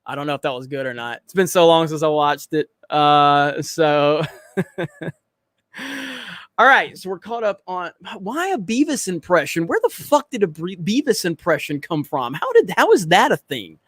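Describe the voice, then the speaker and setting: A man's voice: on the high side, very animated, moderate pace, fairly bright tone, no room sound. A man hosting a livestream, reading chat in a blunt, profane, joking way. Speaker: livestream host.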